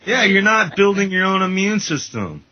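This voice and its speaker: A man's voice: sits high, big pitch swings, moderate pace, a crowd in the background. A man co-hosting a casual radio talk show, ranting with opinions and jokes. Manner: opinionated, joking rants. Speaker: radio co-host. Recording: dull lo-fi internet radio audio.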